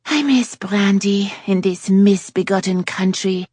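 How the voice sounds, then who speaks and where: Worldly flirt with a French lilt, read by a woman narrator, breathy and close-miked. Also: a little mellow, no echo. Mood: teasing. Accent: put-on French. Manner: playful, drawn-out, high and lilting.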